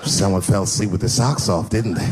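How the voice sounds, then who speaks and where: A middle-aged man from the United States telling a long stand-up story to a live audience, jumping into high squealing voices for his characters. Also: fairly quick. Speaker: stand-up comedian. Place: large live venue with laughing audience. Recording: noisy live stage recording.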